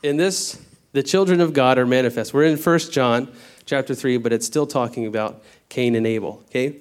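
A man of middle pitch delivers a Bible teaching sermon in a casual, conversational way. He checks in with his listeners often and slows down to spell out word meanings before hurrying through his asides. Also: smooth. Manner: conversational, peppered with "okay?" checks. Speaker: preacher.

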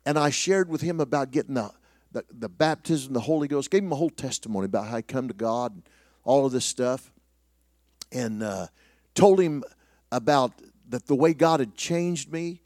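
A middle-aged man preaching, telling a personal story in a self-deprecating way with many restarts, sometimes dropping to a hushed voice. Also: mid-range voice, moderate pace, no room sound, clean studio sound. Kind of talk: sermon storytelling.

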